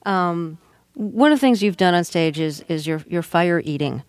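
Radio host woman, lowish voice, calm measured questions, dry close studio sound. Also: clean tone, no room sound. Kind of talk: radio interview.

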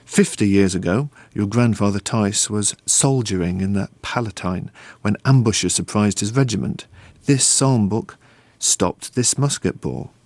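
A man's voice: lowish voice, a little slow, a little mellow, dry recording. A man reading aloud and voicing a stern, pious older uncle who solemnly exhorts his nephew. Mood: solemn exhortation.

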